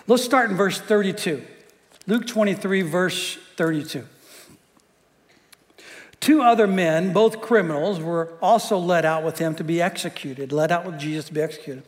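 A man's voice: high voice, normal speed. A male pastor preaching a sermon in a conversational, joking way, often repeating his words. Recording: long hall reverb.

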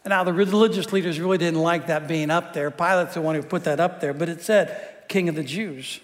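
A man with a notably high voice preaches to his congregation, chatty and quick to joke, and often stumbles back over his own words. The sound rings with the long reverb of a big hall. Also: fairly even intonation. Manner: conversational and joking, often repeats words. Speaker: pastor. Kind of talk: sermon.

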